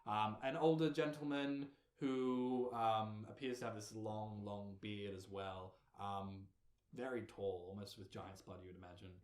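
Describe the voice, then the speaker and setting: A man from Australia narrating as game master of a tabletop game, describing scenes haltingly with many ums. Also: fairly low pitch, steady tone, a little mellow. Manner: filler-heavy, halting description. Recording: echoey room with faint noise.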